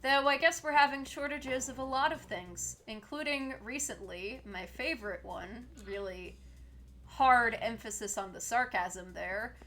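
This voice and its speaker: A woman's voice: high-pitched, moderate pace, hardly any pauses, a bit bright. A woman in her twenties streaming a game, chatting casually, laughing often and answering chat.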